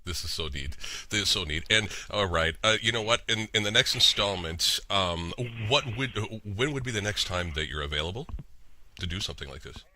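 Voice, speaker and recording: Male radio host, deep and sharp-edged, enthusiastic, faint background noise. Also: fairly quick. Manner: enthusiastic, animated storyteller. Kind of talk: casual radio chat.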